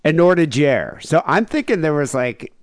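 A man hosting a podcast, chatting casually and telling gossip in an animated way. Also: a little high, normal speed, no echo, studio quality. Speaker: podcast host.

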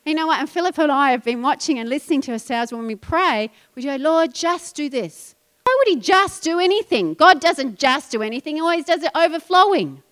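High-voiced woman preaching. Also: a little fast. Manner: animated, emphatic preaching with shifts to quiet asides. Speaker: pastor. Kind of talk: sermon.

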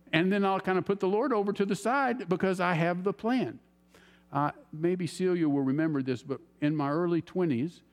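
A man preaching a sermon as an animated storyteller, acting out his own reactions. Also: fairly high pitch. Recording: long hall reverb.

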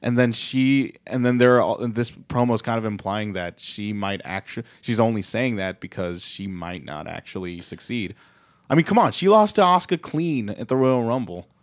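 A man's voice: fairly low pitch, animated, moderate pace, no echo, clean studio sound. A man co-hosting a casual chat, thinking aloud with frequent restarts and analysis. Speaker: podcast co-host. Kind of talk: casual wrestling discussion.

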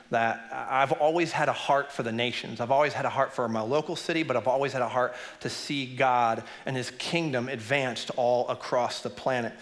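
A man preaching as executive pastor, enthusiastic and conversational, leaning into repeated points. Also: medium pitch. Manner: enthusiastic, conversational, lively emphasis. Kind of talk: sermon. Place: church sanctuary. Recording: long church reverb.

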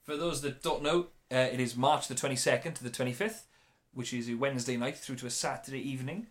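A man hosting a casual podcast chat, telling stories in a chatty, animated way. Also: mid-range voice, fast. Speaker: podcast host.

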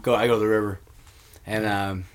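A man's voice: on the low side, flat delivery, brisk. Casual joking male player. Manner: joking, swears freely. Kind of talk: casual tabletop banter.

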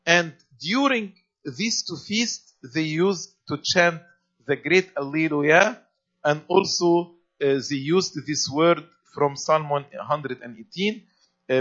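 A man's voice: a little high, takes it slowly, a bit bright. Man preaching a sermon, lo-fi sound. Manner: explanatory, repeats phrases, some fillers. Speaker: priest. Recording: dull lo-fi sound.

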